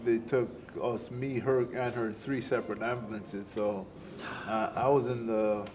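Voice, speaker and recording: Soft-spoken halting middle-aged man. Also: lowish voice, steady tone. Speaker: guest, former boxer. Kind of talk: conversational interview storytelling. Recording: noisy on-site recording.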